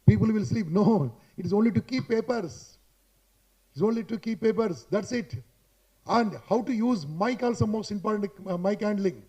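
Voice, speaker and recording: A man's voice: sits high, normal speed, a little mellow, husky, dull audio. A man with an Indian English accent giving an emphatic, repetitive motivational talk on public speaking to a live audience in a hotel hall, speaking into a handheld mic and tagging points with "boss". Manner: chatty, addresses listeners directly.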